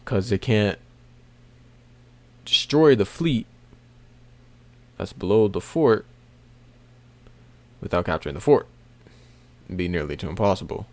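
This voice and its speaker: A man casually recapping a comic chapter, rambling with many fillers and soft laughs. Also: on the low side, animated, measured pace, long pauses, no room sound. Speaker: manga recap video host.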